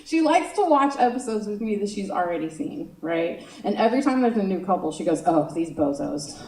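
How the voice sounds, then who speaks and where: A woman's voice: mid-range voice, animated, fairly quick, dark tone, slight background noise. Chatty woman comic. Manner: chatty, self-mocking, many "you know" asides. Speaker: stand-up comedian. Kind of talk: stand-up comedy set. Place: comedy stage in a room. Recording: roomy sound from far off.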